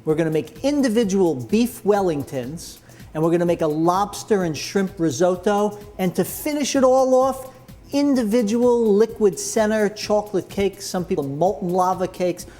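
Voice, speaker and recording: A man's voice: high-pitched, animated, moderate pace, mellow, soft background music. Chatty man teaching a cooking class. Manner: enthusiastic, chatty, full of praise. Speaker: cooking instructor. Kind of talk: cooking demonstration. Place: kitchen.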